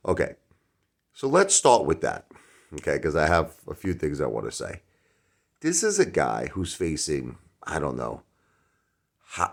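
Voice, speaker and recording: A middle-aged man hosting his own channel, talking casually in a rhetorical opinion monologue that swings from loud outbursts to muttered asides. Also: low-pitched. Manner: animated, rhetorical, jumps between loud and mumbled asides. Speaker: YouTube channel host.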